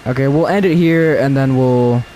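A young man commenting as he plays a horror video game, talking to his viewers, excitable and cursing, often yelling in fright. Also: medium pitch, moderate pace, a little hiss or hum. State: out of breath. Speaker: gaming video creator. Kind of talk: let's play commentary.

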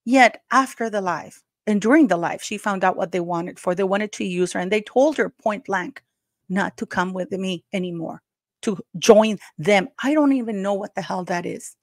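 A woman from Canada vents on her own channel in an indignant, emphatic commentary, turning to her viewers again and again. Her voice sits at an ordinary middle pitch. The sound is dry, with no room echo. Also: normal speed. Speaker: YouTube channel host. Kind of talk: heated commentary vlog.

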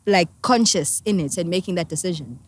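A woman's voice: on the low side, animated, brisk. A South African woman in her thirties, telling her story in a reflective, emotional way during a casual interview. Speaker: guest musician.

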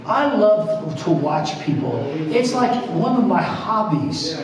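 High-voiced man preaching in an echoey church. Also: very animated, slow, far from the mic, crowd noise. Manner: jokey storytelling preaching, laughs often. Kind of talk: sermon. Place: church sanctuary.

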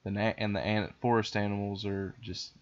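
A man hosting a podcast, casually retelling a cartoon plot in a rambling, animated way. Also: lowish voice, moderate pace, dull audio. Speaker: podcast host.

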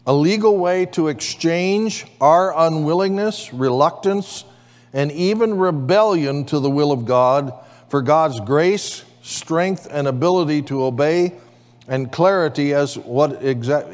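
A man's voice: fairly high pitch, a little slow. A man preaching as pastor in a church, calling for amens from the congregation. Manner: preaching with call-and-response amens. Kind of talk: sermon. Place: church sanctuary. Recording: long church hall reverb.

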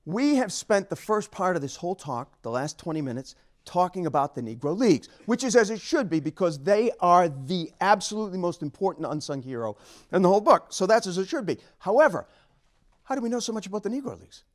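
A man speaking as an author at a book talk, telling stories in an animated, emphatic way and chuckling along. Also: high-pitched, a little fast. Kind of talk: storytelling lecture.

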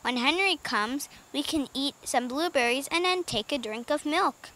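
A sweet young girl with a soft, high, lilting voice, as a woman reads her part. She speaks kindly and simply, as in a children's storybook. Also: expressive, moderate pace.

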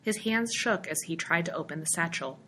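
A woman narrates a story in a steady, expressive audiobook reading. Her voice is bright and sits on the low side. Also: brisk, a little hiss or hum.

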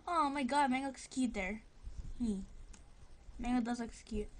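A woman's voice: fairly high pitch, measured pace. A young woman casually commenting on her gameplay, rambling, giggling and often apologizing. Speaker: gameplay video host.

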